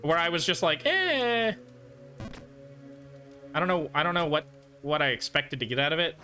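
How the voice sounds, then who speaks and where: A man's voice: on the high side, quick pace, bright, forceful tone, faint music behind. A man streaming a game, chatting casually and muttering to himself through his frustration. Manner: frustrated, self-soothing muttering between bursts. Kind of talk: casual gaming stream commentary.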